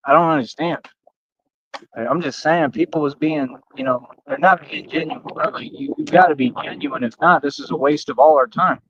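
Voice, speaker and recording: A man's voice: a little high, moderate pace, highs cut off, noisy background. Slangy man ranting on a livestream. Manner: street slang, repetitive, talks straight to viewers. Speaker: livestream host. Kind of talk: casual livestream rant.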